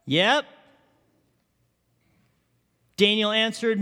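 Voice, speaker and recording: A man's voice: high voice, lively intonation, unhurried, pauses often, a bit bright. A male pastor preaching a sermon, often asking the congregation questions. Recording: long reverb of a large hall.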